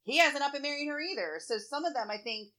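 Woman, casual chat, frank and supportive; bright tone. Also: high voice, animated, quick pace.

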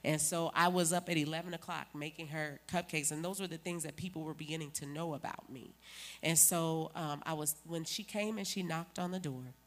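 Woman preaching her story, lowish voice, emphatic. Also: steady tone, a little fast, fairly bright tone. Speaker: guest testifying. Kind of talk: church testimony talk.

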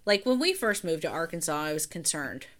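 A woman's voice: deep voice, sing-song, brisk, a bit bright. A woman from Ohio co-hosting a casual podcast, chatty, with frequent laughs and wry asides. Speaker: podcast co-host. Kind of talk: casual chat.

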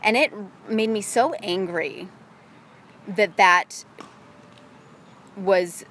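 A woman from the Midwest talks in a loose, chatty way, full of "like" and "you know". Her voice sits at an everyday middle pitch. A faint hiss runs under the recording. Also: drawn-out words, fairly bright tone. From American Midwest. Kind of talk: casual chat.

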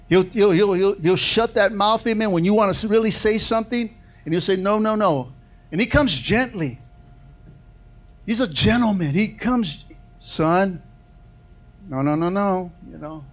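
Male pastor, sermon delivery, higher-pitched, call-and-response, big swings in volume and pace. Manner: preaching with call-and-response, repeated "amen" and "come on"; swings from loud and fast to soft and slow.

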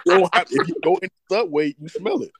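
Playful man, animated pitch. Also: a little fast, creaky, slightly rough, no echo. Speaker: podcast co-host. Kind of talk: casual chat.

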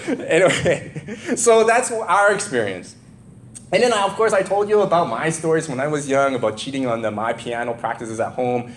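A middle-aged pastor delivers a sermon, his pitch rising and falling in a lively way as he reads scripture and then drifts into chatty personal stories. His voice sits in an ordinary male middle register, and he often breaks into small chuckles. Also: slight background noise. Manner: animated storytelling, chuckles often, loose conversational asides.

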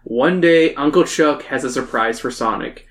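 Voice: medium pitch, moderate pace. A podcast host summarizing a book in casual chat, laughing often and stumbling over restarts.

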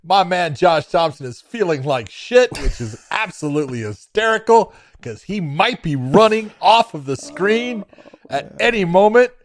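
A man co-hosting a podcast, chatting casually and telling stories with lively, profane asides. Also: sits high, a little slow, dry recording. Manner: lively storytelling, casual swearing. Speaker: podcast co-host. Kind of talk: casual chat.

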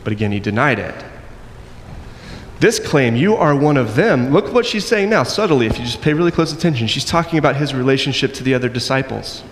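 A man preaching a sermon, acting out the quoted voices and moving between loud and soft passages. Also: medium pitch, expressive, fairly quick. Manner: acts out quoted voices, varies loudness widely. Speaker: pastor. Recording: long echo in a hall, faint noise.

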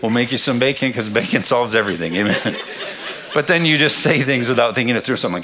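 A man's voice: medium pitch, lively intonation, fast, a crowd in the background. A man in his thirties, a pastor preaching a sermon, telling a funny family story with self-deprecating humor. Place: church sanctuary.

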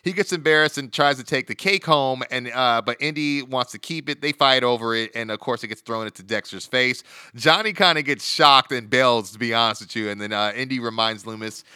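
A man walks through a wrestling episode in casual podcast chat, stopping and restarting with plenty of fillers. His voice is bright and smooth. The sound is dry and close to the mic. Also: mid-range voice, brisk, hardly any pauses, dry recording. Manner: rambling recap with many uh fillers and restarts. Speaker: podcast co-host.

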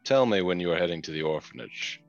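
A man voicing a solemn, formal male escort in a low, measured voice. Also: animated, vocal fry, no room sound, lo-fi sound, faint music behind.

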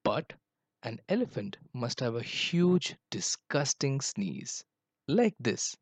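A man's voice: medium pitch, sing-song, slow pace, husky, no echo, exaggerated voice. A man voicing a prim, polite female deer in a children's storybook, fussy and sniffy.

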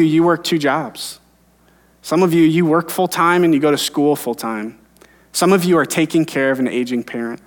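A man in his thirties, a pastor preaching an earnest sermon and telling personal stories. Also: on the high side. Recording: long hall reverb.

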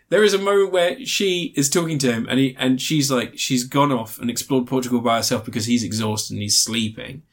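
A man hosting a casual film review podcast, retelling scenes animatedly with frequent laughter. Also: medium pitch. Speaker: podcast host.

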